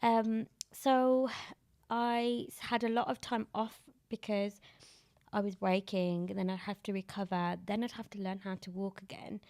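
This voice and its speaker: Brief: British woman, thirties, interview guest; some vocal fry, warm storytelling. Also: medium pitch, little pitch movement, a little slow. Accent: British English. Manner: warm storytelling, laughs often. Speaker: guest, disability activist. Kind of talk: candid interview conversation.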